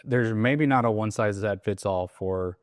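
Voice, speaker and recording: A man coaching on sales calls in a casual interview, animated and acting out softer and louder phone voices. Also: on the low side, measured pace, dry recording, studio quality. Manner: animated, acts out soft and loud sales calls. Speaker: sales trainer.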